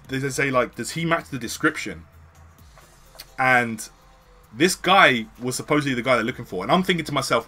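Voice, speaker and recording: Bright-voiced British man telling a story. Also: medium pitch. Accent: British English. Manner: slangy, swearing, animated retelling. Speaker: streamer. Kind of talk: casual storytelling.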